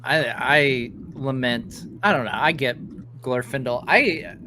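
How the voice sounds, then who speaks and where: A man hosts a laid-back watch-party chat, sounding easygoing and eager as he reacts. His voice sits at an ordinary middle pitch. A steady background noise runs clearly under the whole recording. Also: slow. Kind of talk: casual watch-party commentary.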